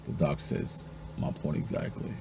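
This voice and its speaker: One after another, a joke teller rattles off husband-and-wife jokes, performing each character's lines and jumping to a high pitch for the wives. He speaks at a moderate pace in a mellow voice. A little hiss or hum sits in the recording.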